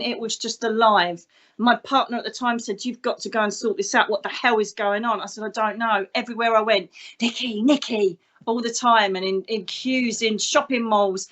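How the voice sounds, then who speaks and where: A lively English woman in her fifties tells stories as an interview guest, slipping into other people's voices as she goes. Her voice sits a little high for a woman's. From England. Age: 50s. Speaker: guest, psychic medium. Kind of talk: storytelling interview talk.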